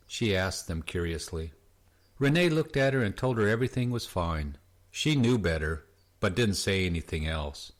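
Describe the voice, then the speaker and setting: A man narrating an audiobook in a calm, steady reading voice. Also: low-pitched. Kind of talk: scripted narration.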